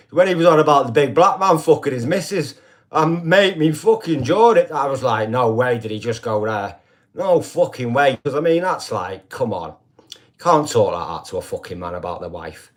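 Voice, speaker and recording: An older man, chatting casually on a live stream, rambling and swearing constantly and checking in with the listeners every few lines. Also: medium pitch. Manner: rambling, heavy swearing, constant "do you know what I mean".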